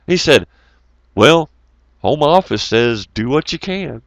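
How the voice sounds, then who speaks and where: A man rambles through crude work stories, laughing at his own punchlines. His voice sits at a middling pitch. The sound is dry and close, with no room echo. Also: lively intonation, slow, muffled recording. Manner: profane, rambling, laughs often. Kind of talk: casual rambling storytelling.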